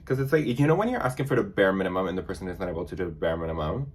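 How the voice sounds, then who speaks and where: A man's voice: sits low, expressive, very fast, few pauses, slight background noise. A man chatting casually in a sassy, dramatic storytime vlog, full of fillers. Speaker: vlogger.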